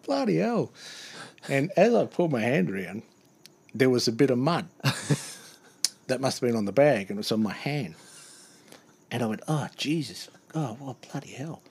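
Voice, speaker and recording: A man's voice: medium pitch, husky. A man telling a funny work anecdote in a casual chat, acting out the other voices and laughing often. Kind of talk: casual storytelling.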